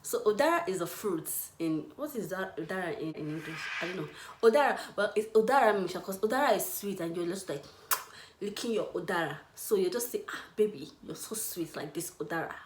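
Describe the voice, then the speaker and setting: A young woman teaching Igbo words in a casual, playful way, laughing often and repeating words slowly. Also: mid-range voice, expressive, reverberant, background noise. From Nigeria, Igbo. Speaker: language teacher. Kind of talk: casual language lesson.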